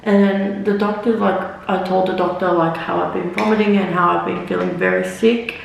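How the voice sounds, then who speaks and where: A woman's voice: lowish voice, steady tone, moderate pace, gravelly, dull audio, a little hiss or hum. A young woman telling a casual storytime while doing her makeup, rambling and swearing freely, with lots of "like" and "literally". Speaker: vlogger. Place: echoey room, talking away from the camera. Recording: roomy echo, mic at a distance.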